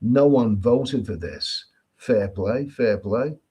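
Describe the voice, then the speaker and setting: An English travel vlogger hosts a casual live stream from an island in Thailand, reading out viewer comments and answering them chattily, repetitively, with many restarts and emphatic opinions. His mid-range voice is warm with a breathy edge, and he takes it slowly.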